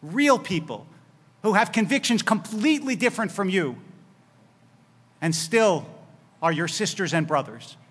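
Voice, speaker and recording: Male rabbi, high-pitched, preaching with wry humor and dramatic quoted lines, recorded in a hall with long reverb. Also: expressive, a little slow, pauses often, fairly bright tone. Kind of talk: sermon.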